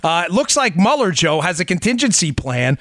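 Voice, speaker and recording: Male talk show host, high voice, bright tense tone, dry close sound, animated ranting. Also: fairly quick, dry recording.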